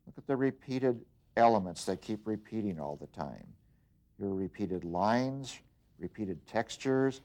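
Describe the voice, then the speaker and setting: Patient, low-voiced male art teacher. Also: darkish tone. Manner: plain, patient explaining with frequent fillers and restarts. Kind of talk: instructional demonstration.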